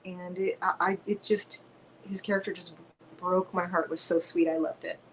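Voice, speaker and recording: A woman guest on a video-call Q&A, chatting in a lively, rambling way. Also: on the low side, moderate pace, slight background noise, rough recording. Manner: chatty, animated, tangents.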